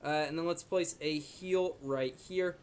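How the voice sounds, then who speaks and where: A young man's smooth, fairly high voice moves at a measured pace with fairly even intonation. As a gaming YouTuber, he chats and jokes while commenting on his own gameplay, and speaks to his dog in a soft baby voice.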